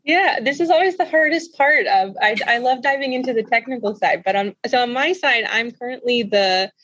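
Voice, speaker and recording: A woman's voice: a little high, fairly quick, a bit bright, no room sound, poor audio. A woman guest on a podcast explaining her career in health informatics, earnest and friendly, with small restarts. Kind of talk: conversational interview answers.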